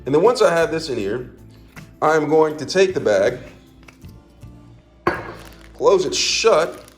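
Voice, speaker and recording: A man's voice: on the high side, very animated, takes it slowly, faint music behind. Folksy man demonstrating a home recipe. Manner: folksy, repeats catchphrases, drops voice on asides. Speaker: home cook. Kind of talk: casual cooking demonstration.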